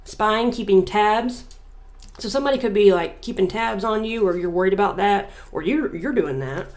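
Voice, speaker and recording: A young woman talks through a tarot reading in an easy, unhurried way. She thinks aloud, pauses on fillers, and slows down when she reads passages aloud. Her pitch sits in the middle range. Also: darkish tone. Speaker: tarot reader. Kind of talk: casual spiritual reading to camera.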